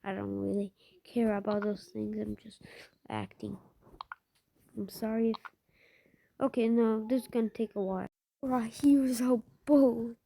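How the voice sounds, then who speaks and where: A woman narrates her own gameplay in a relaxed, slow drawl, her voice sitting a little high with a husky, airy edge. She curses freely and keeps sliding into muttered, half-whispered asides. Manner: swears a lot, drops into muttered whispers. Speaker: gamer. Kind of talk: casual gameplay commentary.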